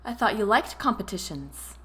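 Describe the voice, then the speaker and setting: A woman's voice: medium pitch, expressive, moderate pace, a bit bright, natural voice. A woman voicing a wary young woman. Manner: probing, skeptical.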